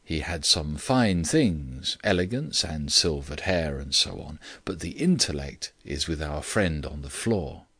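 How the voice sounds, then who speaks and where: A man voicing an exultant gentleman who speaks in a grand, chanting way with slow emphasis. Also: a bass voice, lively intonation, husky, no room sound, full character voice.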